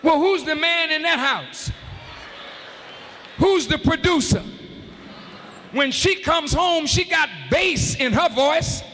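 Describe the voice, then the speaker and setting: High-pitched shouting preacher man. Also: slow pace, long pauses. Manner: shouting, emphatic, calls out to the audience. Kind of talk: fiery sermon. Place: large arena hall. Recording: live arena hall with faint crowd noise.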